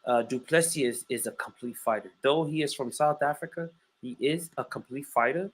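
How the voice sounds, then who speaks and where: A man's voice: mid-range voice, moderate pace, husky, low-quality recording. A man hosting a casual fight podcast who breaks down the matchups emphatically and repeats his key phrases. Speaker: podcast host and fight analyst.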